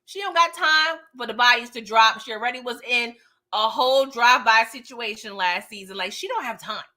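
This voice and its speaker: Casting note: woman, bright, higher-pitched voice, animated recap host who keeps checking in with "okay?". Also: normal speed. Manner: animated, tags lines with "okay?"; laughs often while talking. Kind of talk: casual recap commentary.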